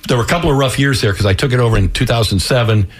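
Husky-voiced middle-aged author. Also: male voice, mid-range voice, racing. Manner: rambling, repeats words. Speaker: author and theater director. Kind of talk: interview guest reading his novel.

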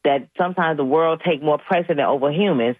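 A woman's voice: sits low, a little fast, no room sound. A middle-aged woman, co-hosting a radio talk show and telling a story with laughter and acted-out voices. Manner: animated storyteller, laughs often, acts out voices. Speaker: radio co-host. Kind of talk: casual storytelling chat. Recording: tinny phone line.

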